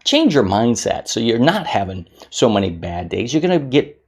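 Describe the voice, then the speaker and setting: Man, motivational talk to camera, gravelly voice, middle pitch, energetic, acts out moods. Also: normal speed. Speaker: keynote speaker and magician.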